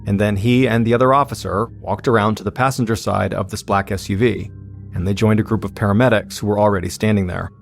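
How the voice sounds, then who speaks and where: A man narrating a true-crime story in a steady, suspenseful scripted style as podcast host. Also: fairly low pitch, fast, gravelly, soft background music.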